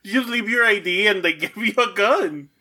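A man with a high, sharp voice co-hosting a podcast. He makes quick, crude jokes and talks over the others. His tone stays loose and casual. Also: slightly rough. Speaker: podcast co-host. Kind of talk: casual chat.

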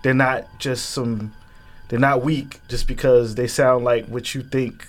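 A man's voice: medium pitch, steady tone, measured pace, soft background music. A man on a radio panel, talking in a laid-back, slangy way. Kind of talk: casual panel chat.

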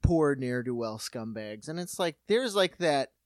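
A man's voice: mid-range voice, lively intonation, a little slow, no room sound, studio quality. A young man co-hosting a comedy podcast, making sardonic quips and laughing at his own jokes. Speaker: podcast co-host. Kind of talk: casual comedic banter.

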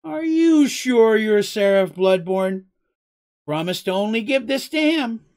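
A storyteller voicing an excitable little man who bursts into high, eager exclamations. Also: moderate pace, heavily acted. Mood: shrewd.

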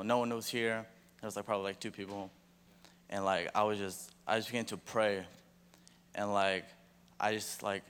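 Young man halting through a testimony. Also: on the low side, a bit bright, clean tone. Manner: halting, full of 'like' and 'you know'. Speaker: testimony speaker. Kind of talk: personal testimony at church. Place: church hall. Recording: long reverb of a large hall.

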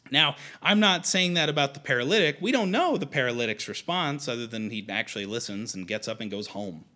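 Lively, bright-voiced man preaching. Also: mid-range voice, brisk. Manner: conversational, with frequent restarts and fillers. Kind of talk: sermon.

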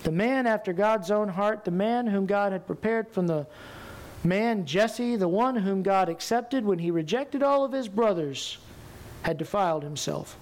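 A man preaching a sermon as pastor, animated and rising to loud emphatic bursts. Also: sits high, measured pace.

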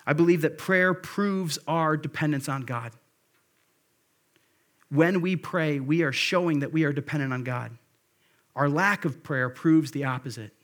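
A man's voice: a little high, a little slow, a bit bright. A man preaching a sermon as pastor, earnest and exhorting, rising in force for emphasis.

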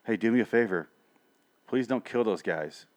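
A man putting on a timid grown man who says everything in a hushed, hesitant mumble. The voice is low and much quieter than normal talk. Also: moderate pace, lightly acted. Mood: meek.

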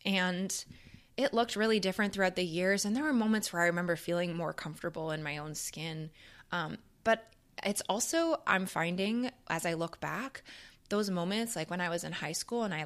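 A woman's voice: lowish voice, normal speed, fairly bright tone. A young adult woman, an author, candidly telling a personal story in a casual, emotional way, with many fillers and the odd swear word.

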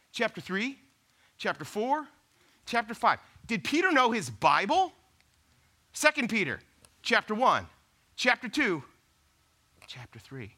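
A man preaching a sermon, conversational and animated, firing off rhetorical questions at the congregation. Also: high-pitched. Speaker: pastor.

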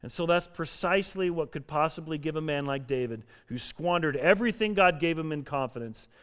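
A man preaching a sermon in an earnest, emphatic way, building up in intensity and then dropping low. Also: brisk, a bit bright. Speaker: pastor.

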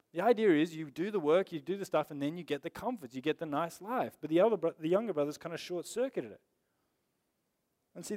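Man, pastor, sermon, conversational and emphatic, fairly high voice.

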